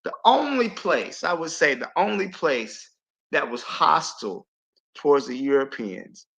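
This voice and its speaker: A man speaks on a livestream podcast panel with a gravelly, forceful edge. He works through his point patiently and earnestly, with a lecturing tone. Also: on the high side, sing-song, unhurried, poor audio. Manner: earnest, lecturing, building arguments with asides. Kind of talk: casual podcast discussion.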